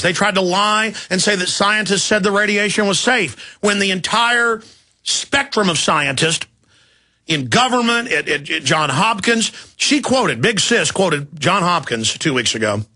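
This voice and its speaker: A man's voice: high-pitched, animated, pushed and bright. A man hosting a talk radio show, delivering an emphatic, indignant monologue. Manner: emphatic, rapid-fire, indignant.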